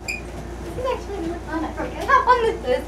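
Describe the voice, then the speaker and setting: A woman's voice: extremely high pitch, sing-song, brisk, over a noisy crowd, heavy background noise. A young woman hosting a casual gaming vlog, bubbly and giggly, sometimes out of breath as she jumps around at home. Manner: bubbly, giggly, talks while jumping around. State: out of breath in outtakes. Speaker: gaming vlogger. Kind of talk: casual chatty vlog with physical game workout.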